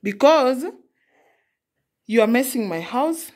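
A woman's voice: a little high, animated, slow pace, a little mellow. Young african mom fussing at her kid about the messy house, keeps repeating herself. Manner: exasperated, repetitive scolding. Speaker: mother. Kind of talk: casual scolding vlog.

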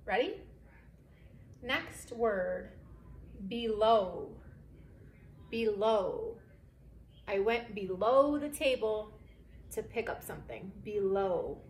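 A woman teaching a phonics lesson to second graders, speaking slowly and clearly with lots of encouragement and spelling words out letter by letter. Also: medium pitch, expressive, darkish tone. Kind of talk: remote phonics lesson for children. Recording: echoey room, faint background hiss.

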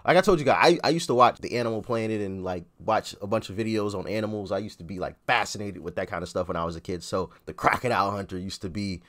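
Chatty low-voiced male reaction host. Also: fast talker, few pauses. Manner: chatty, relaxed, hesitant. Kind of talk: casual reaction commentary.

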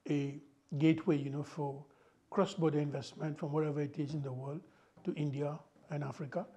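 An older man from Mauritius, a guest in an interview, explaining his views in an emphatic way and often adding "you know". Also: on the high side. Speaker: guest, former finance minister.

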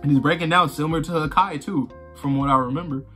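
A man's voice: fairly high pitch, steady tone, fast talker, pushed and bright, soft background music. A man casually talking through his reaction to a manga, rambling and conversational, swearing freely and filling gaps with "you know" and "like.". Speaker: manga reaction channel host.

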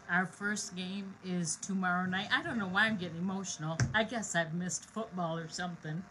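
A woman's voice: on the low side, moderate pace, few pauses, noisy background. A middle-aged woman hosting a card-making live stream from her home craft room, chatting with viewers in a bubbly, rambling way with many fillers.

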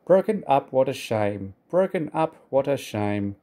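A man's voice: a little high, expressive, moderate pace, mellow, pitched above the performer's own voice. A man voicing a kind, eager old male steam engine who fusses and gets indignant. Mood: fretting. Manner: earnest, fussing, indignant.

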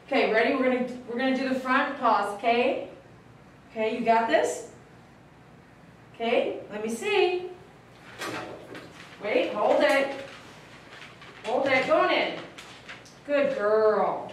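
A woman dog groomer who coaxes a dog softly and chats with viewers as she works. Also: sits high, takes it slowly, long pauses, recorded from a distance, a little hiss or hum. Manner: soothing, coaxing talk to a dog, chatty asides to viewers. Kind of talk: livestreamed grooming with running commentary. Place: grooming room. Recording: echoey room, voice a bit off-mic.

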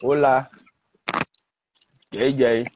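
A man's voice: medium pitch, flat delivery, extremely slow, darkish tone, slight background noise. A man hosting a casual live chat, joking and switching between Igbo and English. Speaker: host. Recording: dull dry lo-fi audio.

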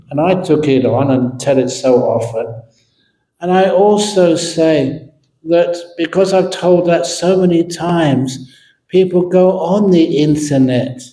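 Monk teacher, playful storyteller, unhurried delivery, roomy hall sound. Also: male voice, fairly high pitch. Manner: humorous storyteller, animated and playful. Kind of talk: evening Q&A dharma talk. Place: meditation centre hall. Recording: echoey hall.

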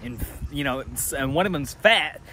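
A man's voice: on the high side, lively intonation, normal speed, bright, forceful tone, slight background noise. A young man, a dog breeder, chatting casually in a rambling, laid-back vlog, swearing freely.

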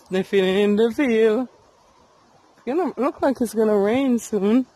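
A woman's voice: mid-range voice, slow, long pauses, dark tone. A woman vlogging outdoors by a river while walking her dog, talking to it in a coaxing, sing-song way. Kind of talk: casual outdoor vlog chat.

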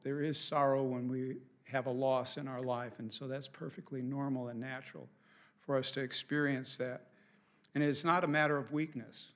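A man's voice: mid-range voice, steady tone, normal speed, a bit bright. A middle-aged man, a pastor, preaching a sermon from the pulpit in an earnest, conversational way with casual asides. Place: church sanctuary.

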